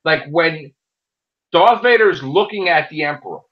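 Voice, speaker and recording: A man hosting a casual chat show who rants in an animated way and swears a lot. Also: fairly high pitch, normal speed, highs cut off. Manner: animated, profane ranting. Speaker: podcast host.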